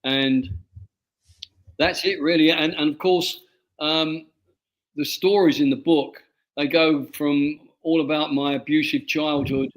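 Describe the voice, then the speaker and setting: Give me an older man from England, an author telling life stories in an interview, halting and repeating himself. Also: a little high, fairly even intonation. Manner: halting, many restarts and repeated words. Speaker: author guest. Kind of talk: interview storytelling.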